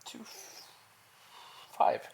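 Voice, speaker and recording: A man's voice: very slow, a little mellow, a little hiss or hum. A man playing a tabletop game who talks playfully and blurts out odd quips. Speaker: player. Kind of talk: casual tabletop role-play.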